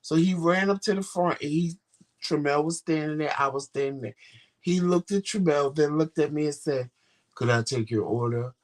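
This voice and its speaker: A man with a New York accent co-hosting a casual comedic chat, joking and teasing, now and then dropping into a put-on deep voice. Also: steady tone. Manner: drops into a put-on deep, slow voice. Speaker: co-host.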